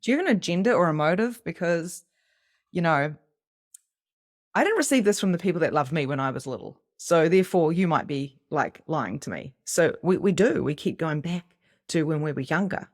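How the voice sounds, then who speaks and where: A woman giving a casual spiritual lesson to camera in an expressive style, acting out inner voices and swearing now and then. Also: sits low, normal speed. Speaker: psychic medium and spiritual teacher.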